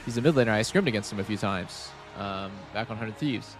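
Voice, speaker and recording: Faint music plays behind a game streamer whose fairly low voice moves quickly. He's talking casually to viewers, wandering off topic, swearing, and leaning heavily on "like."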